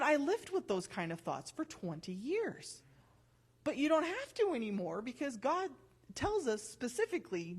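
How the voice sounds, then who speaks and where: A woman's voice: high voice, big pitch swings, moderate pace, slightly rough. A woman giving a conversational testimony in church, talking from notes, correcting herself and reading scripture aloud.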